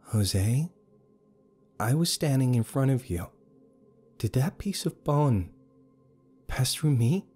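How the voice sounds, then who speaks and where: A small, scared young girl pleads in a shaky, high voice as a male narrator puts her on. She sounds anxious and close to tears. Her pitch lifts well above a man's usual speaking range. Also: expressive, takes it slowly, pauses often, mellow, breathy edge, faint music behind. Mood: frightened.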